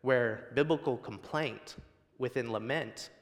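A man's voice: medium pitch, takes it slowly, in a large hall. A male guest preacher delivering a sermon in a church, building emphasis through repetition. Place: church sanctuary.

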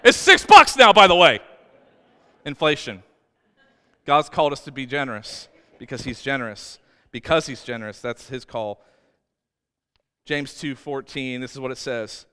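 A male pastor preaching a sermon, emphatic and swinging between loud and hushed, with humorous asides. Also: medium pitch, normal speed, pauses often, clean tone. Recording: church hall reverb.

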